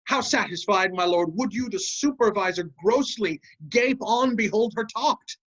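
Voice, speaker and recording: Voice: medium pitch, moderate pace, fairly bright tone, muffled recording, lightly acted. An actor reading sly scheming Iago. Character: scheming male officer Iago, cunning and sly. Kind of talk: amateur Shakespeare reading.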